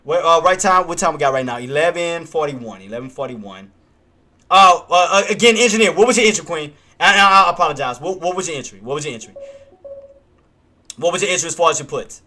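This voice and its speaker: A man hosting a live trading stream talks in an emphatic, streetwise way. His voice sits high with a bright, forceful edge. He repeats himself to drive each point home. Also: expressive, a little fast. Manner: emphatic, repetitive, streetwise casual speech. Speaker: stock trading livestream host.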